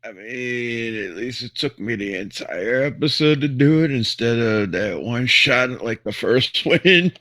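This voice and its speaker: A man playing as a game show contestant, speaking slowly and in a laid-back way. His bright voice rises and falls a lot. Faint music sits behind a dry sound. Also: medium pitch, expressive, no echo. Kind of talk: casual answers.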